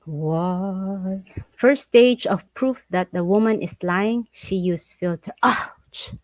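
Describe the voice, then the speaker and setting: A woman chatting casually as a vlog co-host, animated and laughing as she reads viewer comments and acts out quoted voices. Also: medium pitch, measured pace, dry recording, rough recording.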